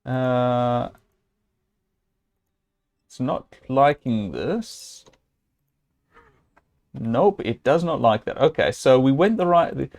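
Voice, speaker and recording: A man talks through a game on a live stream, working out each move as he goes. His speech is loose and halting, full of "um"s and restarts. Now and then he speaks straight to his viewers or scolds the game's hero. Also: medium pitch, creaky, darkish tone. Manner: thinking aloud, hesitant, with many fillers and restarts. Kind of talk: live gameplay commentary.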